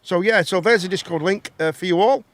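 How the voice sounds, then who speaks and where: A man hosts a loose live chat stream. His voice sits a little high, and he rambles through jokey anecdotes that trail off. The sound is close and dry. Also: brisk, no room sound. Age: 30s. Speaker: host. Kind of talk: casual live chat show.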